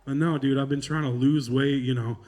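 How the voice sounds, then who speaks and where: A man's voice: medium pitch, fairly even intonation, a little fast, a little mellow. A male stand-up comedian telling stories in a loose, profane, self-mocking way, laughing through his lines.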